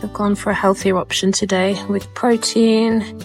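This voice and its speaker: A young woman talking casually to her camera as she walks, chatty and candid, with quick asides. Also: mid-range voice, little pitch movement, faint music behind, rough recording. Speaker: vlogger. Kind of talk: casual travel vlog narration.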